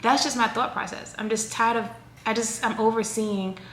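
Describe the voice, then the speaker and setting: Talking casually to her viewers, this thirtysomething vlogger has a slightly high voice and keeps a normal pace, wandering off into asides with lively chatter. Her words echo around the room over a faint background hiss.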